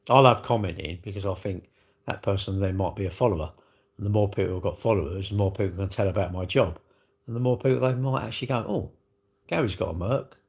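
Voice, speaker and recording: A British man chatting casually on a livestream, rambling animatedly with slang as he answers viewers' comments. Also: lowish voice. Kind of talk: casual live-stream chat.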